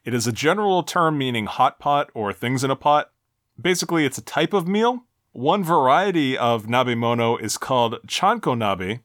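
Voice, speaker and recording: A man's voice: moderate pace, no room sound, studio quality. A man co-hosting a casual chat, recounting video game ending scenes and acting out the quoted lines. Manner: animated storyteller, acts out quoted lines in shifting pitch. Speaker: podcast co-host.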